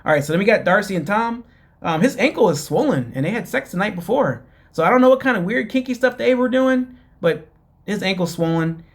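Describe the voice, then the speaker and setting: Rambling man with a fairly high voice. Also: expressive, brisk. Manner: rambling, filler-heavy, mocking. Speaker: podcast host recapping a reality show. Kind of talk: casual recap commentary.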